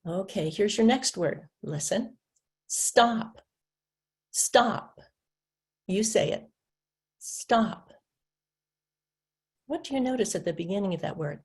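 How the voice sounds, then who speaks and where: In an instructional webinar, a woman trains teachers by patiently stretching out and tapping individual speech sounds, sometimes answering as her own student. She plays both roles in her demonstrations, with a medium-pitched, a little mellow voice, lively intonation, a measured pace and long pauses.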